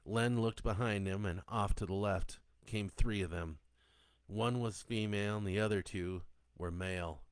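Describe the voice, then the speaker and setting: A man reading a horror audiobook in a steady, descriptive way. His voice is very low and deep, recorded close and dry with no room sound. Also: clear, resonant tone, no echo. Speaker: audiobook narrator. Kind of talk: scripted horror narration.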